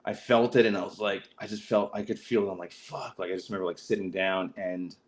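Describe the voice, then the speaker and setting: A man's voice: on the low side, steady tone, fast talker, poor audio. A man hosting a casual livestream chat, rambling through stories with lots of fillers and restarts and acting out the quotes. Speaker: podcast host.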